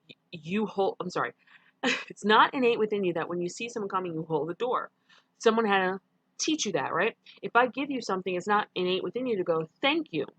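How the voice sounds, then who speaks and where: Dry recording of a middle-aged woman from New York teaching a casual online lecture. She's a teacher with a medium-pitched, slightly bright voice, and she keeps stopping to correct herself with frequent ums.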